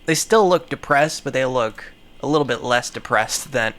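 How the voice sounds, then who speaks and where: A man's voice: mid-range voice, measured pace, a bit bright, faint music behind. A man giving casual comedic commentary on animal pictures, swearing, rambling and laughing often.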